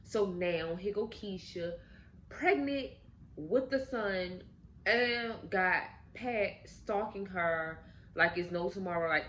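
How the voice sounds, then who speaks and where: A woman's voice: on the low side, slow pace, slight background noise, low-quality recording. A woman host casually telling a story while eating, talking directly to her viewers. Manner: animated, addresses viewers directly. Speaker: channel host.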